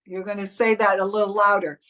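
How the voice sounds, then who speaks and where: A woman's voice: mid-range voice, flat delivery, fairly quick, a bit bright, poor audio. A woman coach teaching a live online class, walking students step by step through marking up a commercial script, with frequent restarts.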